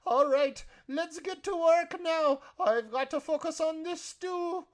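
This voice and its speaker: A man doing a doting high-voiced old cook. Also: takes it slowly. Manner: high sweet coddling voice, calls people dear. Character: kindly fussy male cook, doting and warm.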